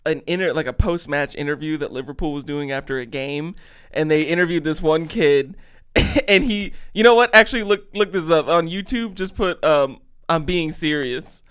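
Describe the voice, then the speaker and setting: A man's voice: fairly high pitch, normal speed, a bit bright, clear, resonant tone. A man co-hosting a podcast, chatting casually and joking with quoted voices. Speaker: podcast co-host. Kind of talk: casual chat.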